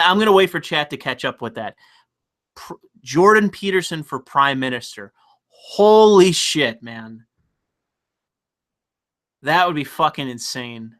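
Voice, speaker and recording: Man, livestream host, excitable profane rant, bright tense tone. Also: fairly high pitch. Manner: profane, excitable, reads chat donations aloud.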